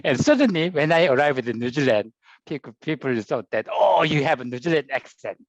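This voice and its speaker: A man's voice: medium pitch, no echo. A man from South Korea with a Gyeongsang Korean accent, giving an informal online seminar as a marketing researcher, joking and tagging his sentences with "okay?". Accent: Gyeongsang Korean-accented English. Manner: jokey, tags sentences with "okay?". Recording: dull, lo-fi, dry video call audio.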